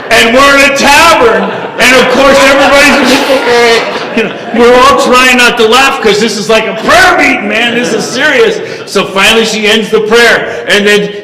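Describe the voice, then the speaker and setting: A man telling a rousing story to an audience, animated and preachy, heard from far off in a reverberant hall. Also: high voice. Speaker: speaker. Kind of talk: storytelling speech.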